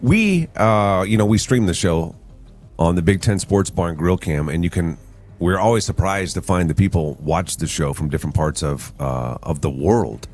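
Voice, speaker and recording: A man's voice: sits low, moderate pace, a little mellow, soft background music. A man hosting a morning radio show, joking with his co-host and running a call-in quiz. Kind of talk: casual radio banter.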